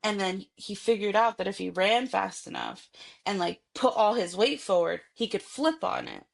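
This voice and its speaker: A young adult woman co-hosting a casual podcast, telling animated stories about her kid and swearing offhandedly. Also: medium pitch, normal speed, vocal fry. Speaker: podcast co-host. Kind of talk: casual chat.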